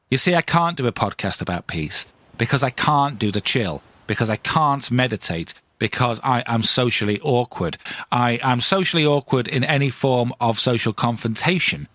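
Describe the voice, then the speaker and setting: A self-mocking man rants through a comic podcast monologue on a close mic. His pitch swings all over the place, the sound is dry and intimate, and the delivery stays wry throughout. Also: no echo. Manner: ranting, self-mocking, lively. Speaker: podcast host. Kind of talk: comedic monologue.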